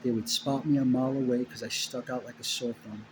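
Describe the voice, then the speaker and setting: A man delivers an indignant, profanity-laced personal monologue, repeating key phrases to drive them home. His voice sits at an ordinary pitch. A clear hiss of background noise runs under him. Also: fairly even intonation, fairly quick. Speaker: vlogger recounting his own story.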